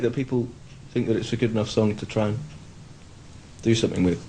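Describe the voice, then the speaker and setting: A young man in his twenties with a low, mellow and soft-edged voice, talking about his band in a relaxed, candid way. His answers are wry and easygoing, with a faint hiss under the recording. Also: brisk, low-quality recording. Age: 20s. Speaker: band member. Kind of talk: casual interview chat.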